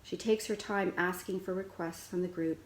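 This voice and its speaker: Low-voiced woman reading a children's novel. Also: steady tone, normal speed, echoey room, poor audio. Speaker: children's book reader. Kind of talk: first-person chapter-book narration.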